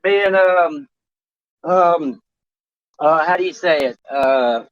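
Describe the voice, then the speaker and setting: A man co-hosting a talk show in crude casual chat, rambling and halting, swearing often. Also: on the high side, dry recording. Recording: dry, dull lo-fi sound.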